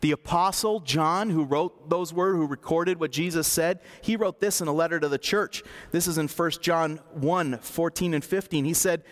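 A man preaching a sermon as pastor, talking conversationally and acting out scripture scenes, dropping low and soft for emphasis. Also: moderate pace, few pauses.

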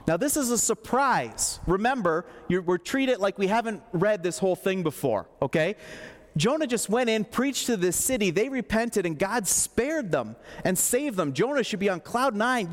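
A man with a high voice preaches in an easy, chatty manner and cracks jokes along the way. His voice carries through a church hall with a long reverb tail. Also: animated, normal speed. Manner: conversational, joking preaching. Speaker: pastor. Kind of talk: sermon.

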